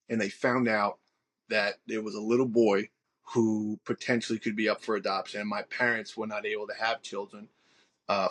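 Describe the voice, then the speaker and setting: A man's voice: lowish voice, a bit bright. A man in his forties with a Long Island accent, a pastor telling his life story in a podcast interview, earnest and full of restarts. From Long Island, New York. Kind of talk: podcast interview, personal testimony.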